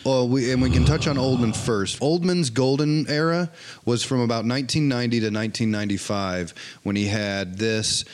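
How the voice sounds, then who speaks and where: A man hosting a casual film debate, steering the talk in a measured way. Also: medium pitch, a little hiss or hum. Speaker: show host acting as judge.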